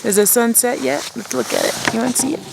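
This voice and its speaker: A woman's voice: fairly high pitch, very animated, fast, gravelly, background noise. A woman chatting casually to the camera outdoors at a mountain campsite at dusk, rambling and laughing at herself. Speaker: outdoor vlogger.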